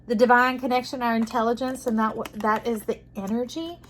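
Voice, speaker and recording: A woman reads tarot to camera in a higher voice, gently affirming the listener. She drops to soft near-whispers and then rises with emphatic encouragement. A faint hiss sits behind her. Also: little pitch movement, fairly quick, rough recording. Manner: soothing, affirming, drifts between soft hushes and bursts; addresses listener as friend. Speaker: tarot reader. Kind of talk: intuitive tarot reading to camera.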